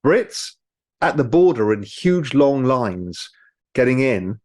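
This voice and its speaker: A man, a guest in an interview, explaining with lively storytelling. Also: medium pitch, slow. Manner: animated storyteller, mimics people in quotes. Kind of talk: casual interview talk.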